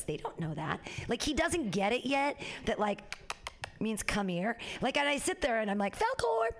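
Rambling woman doing stand-up. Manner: rambling, animated, jumps to high squeals for quoted voices. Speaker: stand-up comedian. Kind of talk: stand-up comedy set.

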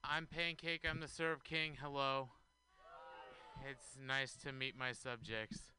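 A man opening a stand-up set in a mock-regal, unhurried way. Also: medium pitch, flat delivery, pushed and bright, slight background noise. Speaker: stand-up comedian.

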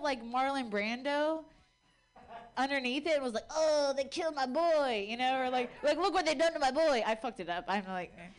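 Woman stand-up comic, high voice, chatty self-mocking delivery. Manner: mock-loud announcing, then chatty and self-mocking. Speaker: stand-up comedian. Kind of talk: stand-up set.

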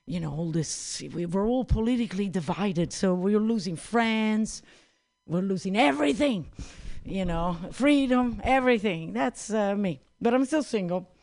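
A man doing open-mic stand-up in a crude, rambling, self-mocking way. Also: high voice. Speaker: stand-up comedian.

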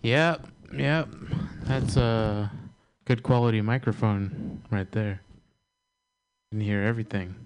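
A man performing a stand-up comedy set with a dry, deliberate delivery. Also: lowish voice, steady tone, a little hiss or hum.

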